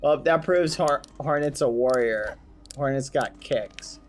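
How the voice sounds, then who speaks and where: A man's voice: mid-range voice, a little slow. A young man streaming a game and chatting casually with his viewers, telling stories as he plays. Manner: chatty, addresses chat, storytelling. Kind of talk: casual gameplay commentary. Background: faint game music.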